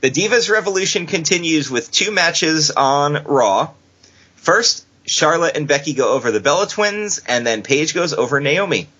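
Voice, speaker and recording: A man's voice: on the high side, lively intonation, normal speed, bright, forceful tone, husky. A man co-hosting a casual wrestling podcast, sarcastic and joking, laughing often. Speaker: podcast co-host. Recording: dull lo-fi podcast audio.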